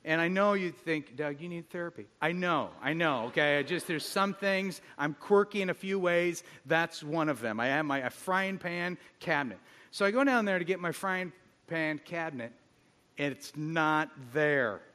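A middle-aged man preaching a sermon as pastor, telling stories with animated, self-mocking humor. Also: a little high, normal speed. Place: church hall. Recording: long hall reverb.

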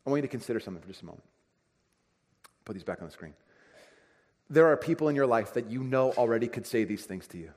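A pastor preaching a conversational sermon, acting out everyday dialogue. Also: male voice, medium pitch, expressive, quick pace, pauses often, a little mellow. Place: church sanctuary. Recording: reverberant church hall.

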